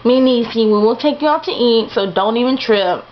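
A woman's voice: a little high, fairly quick, highs cut off. A young woman rambling in a late-night home vlog, tired, slangy and swearing freely, playing up a put-on accent. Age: young adult. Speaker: vlogger.

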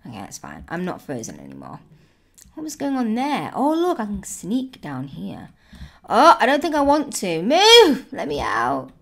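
A woman's voice: medium pitch, wildly swooping pitch, normal speed, vocal fry, fairly bright tone. A woman commenting on her own gameplay, exclaiming and squealing at every surprise. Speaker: gaming YouTuber. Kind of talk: excited let's-play commentary.

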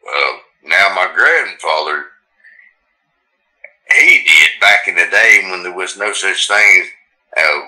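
A man talking slowly in a casual podcast chat, his deep voice bright and lively as it swings up and down. He speaks in a rural, folksy drawl. The room around him is echoey. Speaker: podcast co-host.

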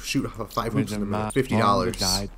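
A man giving casual gameplay commentary, swearing constantly, laughing a lot and breaking into sudden yelled outbursts. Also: lowish voice, fairly quick. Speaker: gaming video creator. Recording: game music playing under voice.

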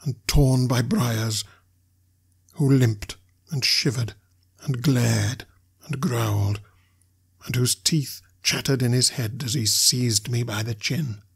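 Man, audiobook narrator, husky, mid-pitched, measured, storytelling. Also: fairly even intonation. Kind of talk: reading a classic novel aloud.

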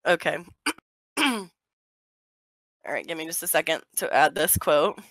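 A woman's voice: low voice, expressive, unhurried, fairly bright tone, dry recording. An American woman with a sore throat, giggling as she hosts an online card game with friends and reads cards aloud with drama. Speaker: streamer hosting a card game. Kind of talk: casual gaming chat.

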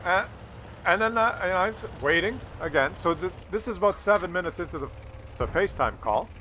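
A gaming video creator narrates a funny family anecdote during gameplay, lively and acting out the people in the story. His voice sits high, at a fairly quick pace, with slight background noise.

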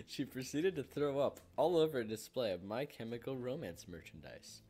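A man's voice: mid-range voice, animated, normal speed, warm tone. A young man hosting a let's play, reading a dating game's text aloud in a casual way and laughing often. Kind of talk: casual gameplay commentary.

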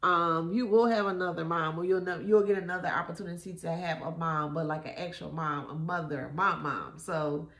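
A woman's voice: lowish voice, moderate pace, few pauses, a bit bright. A woman giving a casual tarot reading, blunt and profane, mocking and laughing often. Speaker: tarot reader. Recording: echoey room.

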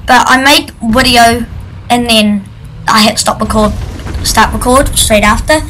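High, bright-voiced woman gaming. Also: measured pace, slight background noise, low-quality recording. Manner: chatty, jokey, shrieks at game events. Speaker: gaming video creator. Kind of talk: casual gaming commentary. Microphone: computer microphone.

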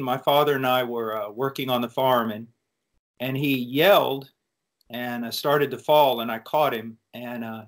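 An American man speaks as a preacher at a student Q&A, recounting his testimony with an earnest, reflective manner. His voice sits at an ordinary pitch for a man, and he tells the story in a measured, sincere way. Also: a bit bright. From United States. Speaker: preacher answering student questions. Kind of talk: personal testimony in a Q&A.

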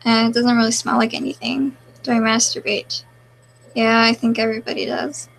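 A woman's voice: on the high side, little pitch movement, a little fast, vocal fry, a bit bright. A woman live streaming in casual chat, reading out viewer comments and answering them in an offhand, mumbling way, with a crackly voice.

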